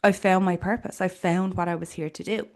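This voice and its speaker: Earnest Irish woman, low voice. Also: steady tone, fairly quick, a little mellow. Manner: earnest and reflective, with casual fillers. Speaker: podcast host. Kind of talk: personal spiritual podcast monologue.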